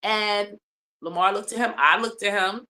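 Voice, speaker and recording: Brief: woman complainant, bright forceful tone, long storytelling full of ums. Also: mid-range voice, normal speed. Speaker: complainant telling her story. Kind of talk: testimony in a mediated hearing.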